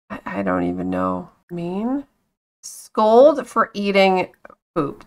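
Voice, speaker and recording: A woman's voice: fairly low pitch, very animated, slow. A woman giving casual gameplay commentary, chatting to her game characters, exclaiming and giggling often. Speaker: gameplay streamer.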